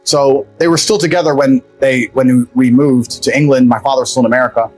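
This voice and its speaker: Brief: husky, rapid-fire male guest telling a story over faint music, blunt and profane. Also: medium pitch, fairly even intonation, a little mellow, low-quality recording. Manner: blunt, profane, rambling anecdotes. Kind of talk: storytelling in a podcast interview.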